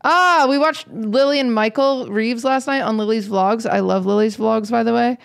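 A woman's voice: on the high side, moderate pace, creaky, clear, resonant tone. Teasing, giggly woman podcast host. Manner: teasing, laughs often, rambling restarts. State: a little out of it. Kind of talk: casual chat. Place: studio, seated beside the co-host.

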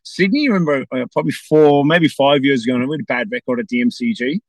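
A man's voice: medium pitch, fast, no room sound, rough recording. An Irish man, a former footballer, chatting as a guest and rambling with many restarts. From Ireland. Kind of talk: casual interview chat.

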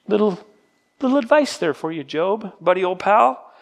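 A pastor with a high, creaky, animated voice leads a casual, sermon-style Bible study at a moderate pace. He reads scripture dramatically and, in a conversational manner, asks the group questions.

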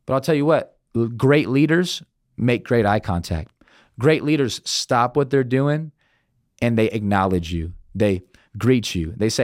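A man who is a senior pastor, preaching on leadership in an emphatic way and slowing right down to stress key phrases. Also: mid-range voice, expressive, no echo, studio quality.

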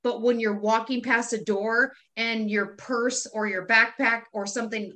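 A woman co-hosting a podcast runs through her pet peeves in casual chat, with lots of profanity and laughter. Her voice sits high and sounds bright and forceful. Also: steady tone, a little slow. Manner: profane, ranting, laughs often. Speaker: podcast co-host.

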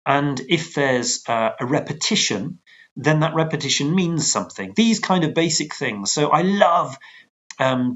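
A man, a choral conductor guest, explaining at length with lively asides over a video call. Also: mid-range voice, highs cut off. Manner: animated, digressive, with lively asides. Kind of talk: conversational explaining.

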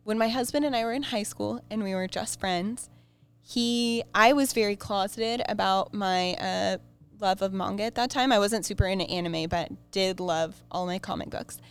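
A woman's voice: medium pitch, moderate pace, clear, resonant tone. Chatty woman co-hosting a podcast. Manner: chatty storyteller, animated asides. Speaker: podcast co-host. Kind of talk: casual chat.

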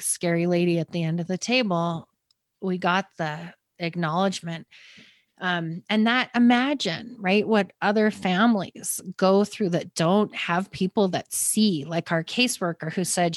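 A woman tells her own family story on a podcast, earnest and quick, her words sometimes tumbling over each other. She sounds close to tears at moments. The recording is dry and close. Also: on the low side, dry recording. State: near tears. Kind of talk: emotional personal storytelling.

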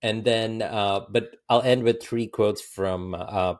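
A man co-hosting a podcast, chatting casually about a film, animated and quick to laugh. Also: fairly low pitch. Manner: animated, laughs often, quotes lines in put-on voices. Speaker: podcast co-host.

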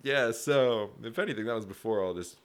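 A young man in casual chat, telling rambling, animated school stories full of "like" fillers and frequent laughs. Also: mid-range voice, brisk, clear, resonant tone.

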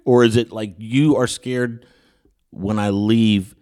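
A man's voice: lowish voice, measured pace. A man hosting a podcast, telling an anecdote and acting out what people said, with many stammered restarts. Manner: animated storyteller who acts out quotes, with frequent stammered restarts. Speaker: podcast host. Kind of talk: storytelling anecdote in casual chat.

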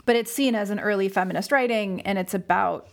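A woman's voice: medium pitch, creaky. A young woman co-hosting a casual film podcast, chatty with lots of fillers. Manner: chatty, many fillers, reads a passage aloud slowly. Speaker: podcast co-host.

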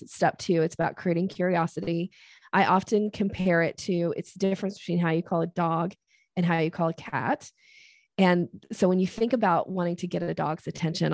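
Woman sales coach with a gravelly voice. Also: lowish voice, no echo, studio quality. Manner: animated, acts out quoted voices. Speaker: podcast guest, sales coach. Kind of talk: casual podcast interview.

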